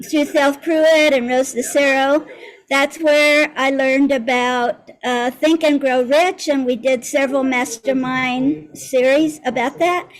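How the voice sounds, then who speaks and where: High-pitched woman on a group call, earnest storytelling. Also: poor audio. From United States. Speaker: community member sharing a story. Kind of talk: casual testimonial on a group call.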